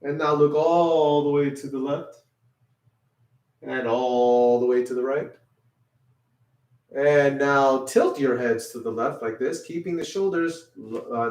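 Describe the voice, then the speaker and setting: A man leading a children's music class, guiding warm-up stretches and often checking in with "okay?". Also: medium pitch, distant mic. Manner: encouraging, repeats "okay?" often. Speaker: music teacher. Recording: roomy sound from away from the mic.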